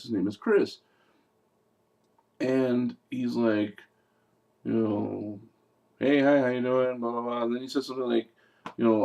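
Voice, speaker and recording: A man's voice: medium pitch, creaky, mellow. A man giving a casual, rambling movie review, full of fillers, digressions and jokey asides. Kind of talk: casual film review vlog.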